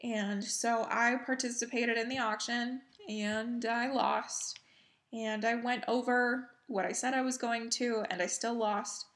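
A woman hosting a cross-stitch video, chatting casually while she shows off her crafts, chatty and self-deprecating, with soft laughs. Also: a little high, steady tone, measured pace. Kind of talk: casual show-and-tell chat.

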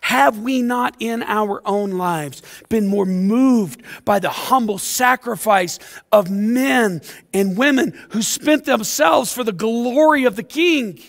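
A male pastor delivers an impassioned sermon, his high voice carrying a gravelly rasp. He swings from loud, fired-up passages to hushed ones. His words ring out with a long reverb in a big church sanctuary. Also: takes it slowly.

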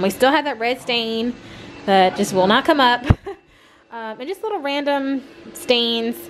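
A woman chatting casually to her camera at home, quick and full of fillers. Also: fairly high pitch, background noise. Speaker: vlogger, wife. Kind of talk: casual home vlog chat. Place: carpeted home room. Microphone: handheld compact camera.

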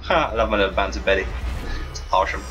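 A man giving casual let's-play commentary over a video game, excitable and joking, swearing casually. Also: deep voice, rapid-fire, recorded from a distance. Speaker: gameplay commentator. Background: game music.

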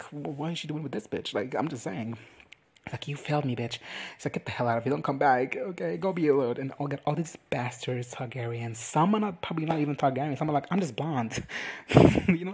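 A man giving a crude, campy comedic recap of a TV episode. He talks sassily, swears freely and acts out the characters in quick quoted lines. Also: mid-range voice, husky. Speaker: reaction recap vlogger.

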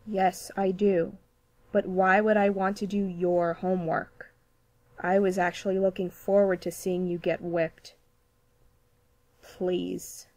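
A woman voicing a cold, scornful young girl who speaks in a flat, dry, contemptuous way. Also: fairly low pitch, takes it slowly. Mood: deadpan. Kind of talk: cartoon voice acting demo.

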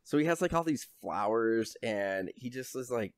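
A man's voice: mid-range voice, expressive, normal speed, no echo, studio quality. A man co-hosting a podcast, chatting casually and retelling film scenes, often acting out quoted lines. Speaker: podcast co-host. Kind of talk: casual movie recap chat.

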